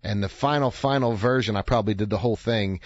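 A man's voice: lowish voice, quick pace, no echo. Radio host man telling stories, dry studio. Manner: conversational storytelling, acts out quoted voices. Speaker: radio talk show host. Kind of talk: radio talk monologue. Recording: dry, slightly dull studio sound.

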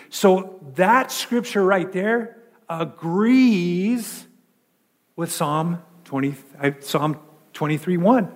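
High-voiced pastor preaching in a reverberant hall. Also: male voice, animated, unhurried. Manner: conversational preaching with many repeated words and rhetorical questions. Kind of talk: sermon.

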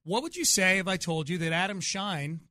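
A man's voice: high-pitched, very animated, fairly quick, bright, forceful tone, dry recording. A man hosting a sports radio show who runs the conversation by asking questions and moving to new topics. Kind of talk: casual sports talk.

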